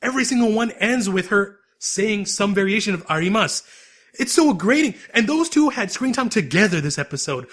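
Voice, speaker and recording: A man co-hosting a podcast, recapping an episode in a lively, rambling, casual chat. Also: sits high, a little fast. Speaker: podcast co-host.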